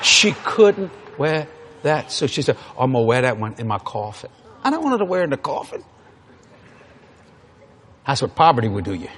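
Man, preacher, folksy emphatic sermon, fairly high voice.

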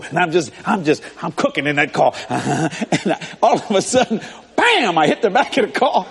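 Preacher guy, high voice swooping all over, echoey hall. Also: a little fast, breathy edge. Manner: animated storytelling preaching with laughs. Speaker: pastor. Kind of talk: sermon.

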